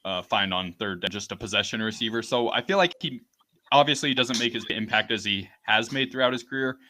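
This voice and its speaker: A man in a casual sports chat, laying out his points in a measured way. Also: lowish voice, bright, forceful tone. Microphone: online call.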